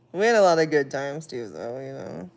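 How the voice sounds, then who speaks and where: A woman talks loosely to her livestream viewers, her speech full of swearing and frequent laughter. She moves through a personal story with plain emotion, sometimes soft and heavy, sometimes laughing. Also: low voice, gravelly. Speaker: livestream host. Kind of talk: casual livestream chat.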